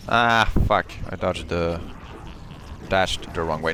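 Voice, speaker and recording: A man giving live commentary on his own gameplay, excitable, swinging between muttering and yelling, and cursing often. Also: sits low, slow pace, a little hiss or hum. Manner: curses often. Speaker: gameplay streamer.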